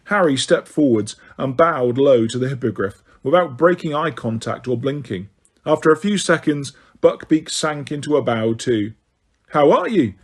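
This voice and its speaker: A man's voice: medium pitch, moderate pace, breathy edge. Man reading an audiobook. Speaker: audiobook reader. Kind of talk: audiobook narration.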